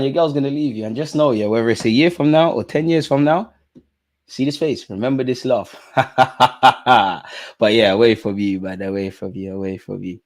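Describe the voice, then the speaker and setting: Young London man, mid-pitched voice, streamer hosting a match watch-along, playful slang-filled banter with his chat. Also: darkish tone. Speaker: streamer host. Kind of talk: live football watch-along commentary.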